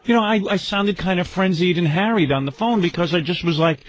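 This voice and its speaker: A male radio host telling an animated, exasperated story about his life in comic style. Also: high-pitched, fairly quick, highs cut off.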